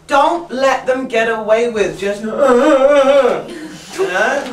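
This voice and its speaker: A woman's voice: on the high side, animated, extremely slow. A woman training teachers in a casual workshop talk. She laughs often and mimics her pupils' voices as she explains. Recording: roomy sound from a distant mic, faint room noise.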